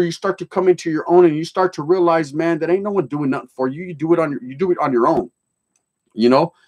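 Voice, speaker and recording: Reading comments aloud in a relaxed livestream chat, a middle-aged man with a slightly high pitch tells blunt stories. He swears a lot, blends street slang with Spanish words, and goes from joking to serious.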